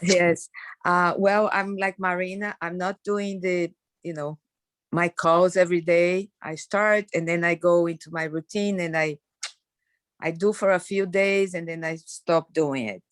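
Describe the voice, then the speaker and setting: Hesitant, apologetic female participant, lower voice, dry close sound. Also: fairly even intonation, a little slow, no room sound. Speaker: participant on a coaching call. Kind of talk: sharing on a group call.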